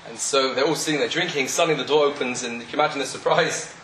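A man telling a story in a sermon, animated, acting out the voices of the people in it. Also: medium pitch, fast talker, crowd noise. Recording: echoey room, faint ambience.

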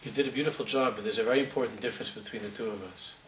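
A man voicing a gentle, wise old Eastern European rabbi, speaking quietly and tenderly in a sermon story. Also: mid-range voice, very fast, a little hiss or hum, natural voice. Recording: roomy hall from far off.

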